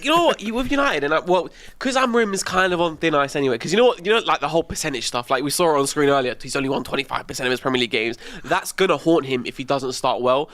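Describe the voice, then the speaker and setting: Chatty guy talking football on a live show, talks fast, voice a bit high. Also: lively intonation, fairly bright tone, no echo. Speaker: football pundit.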